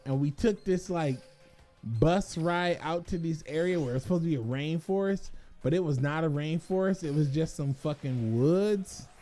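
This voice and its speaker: A young man telling a vacation story in a casual, animated rant, swearing and laughing. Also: on the high side, moderate pace, soft background music.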